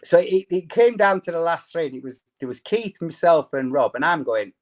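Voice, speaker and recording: Animated Yorkshire man telling stories. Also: fairly high pitch, moderate pace. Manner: animated, laughing, acts out dialogue. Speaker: former footballer guest. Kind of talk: anecdotal storytelling.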